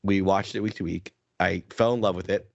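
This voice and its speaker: A man co-hosting a fan podcast in casual chat, rambling and excitable, restarting his sentences often. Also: deep voice, brisk, creaky, dry recording, lo-fi sound. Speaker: podcast co-host.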